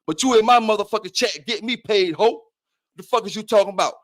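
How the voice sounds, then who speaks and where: A man's voice: high-pitched, quick pace. A man hosting a livestream, taunting and cursing at a rival in heated trash talk. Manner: profane, taunting, challenging. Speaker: livestream host.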